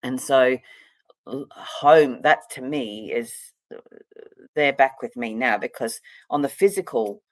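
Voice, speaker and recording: A woman's voice: extremely low pitch, expressive, takes it slowly, dry recording. A middle-aged woman, a psychic and counselor, talking in a rambling, casual vlog chat full of fillers and restarts.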